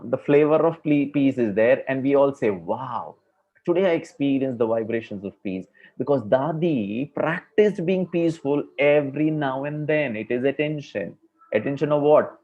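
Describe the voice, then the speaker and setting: A man's voice: a little high, normal speed, dark tone. Man giving a spiritual talk. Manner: conversational, with many fillers. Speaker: spiritual speaker. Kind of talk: spiritual discourse to a class. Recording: dull lo-fi recording.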